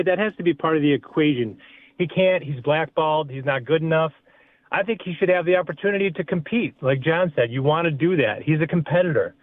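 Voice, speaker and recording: A man calling in to a sports radio show, sharing his opinion in a relaxed, friendly way over the phone. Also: a little high. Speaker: caller. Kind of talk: call-in radio chat. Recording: tinny phone line.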